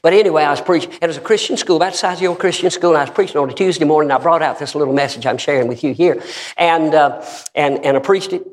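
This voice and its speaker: A man's voice: on the high side, fast talker. Fervent preacher man, echoing hall. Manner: fervent, bursts into shouted praise, repeats emphatic questions. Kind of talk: revival sermon. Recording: long reverb of a large hall.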